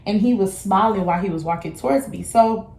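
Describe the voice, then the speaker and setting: A young woman vlogger tells a casual storytime in a candid, slangy way, slipping into the voices of the people she quotes. Her pitch sits right in the middle for a woman. She is recorded indoors, and the room gives her voice a clear echo. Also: brisk, darkish tone. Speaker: beauty vlogger.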